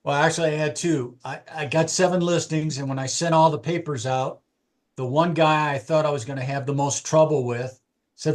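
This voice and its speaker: Speaking at a normal pace in a steady, slightly high voice, a man who works in real estate recounts a client story to his team. It's casual meeting storytelling, and he plays both himself and the client.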